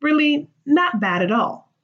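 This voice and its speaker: A woman's voice: high-pitched, very animated, measured pace, highs cut off, pitched above the performer's own voice, heavily acted. A woman reading as a defensive greedy merchant.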